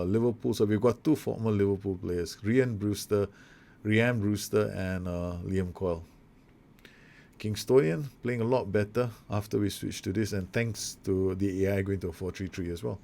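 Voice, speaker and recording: A young man with a slightly low voice talks through a football management game in casual let's-play commentary. He calls the action play-by-play, gets excited at goals and trips over his words with quick corrections and asides.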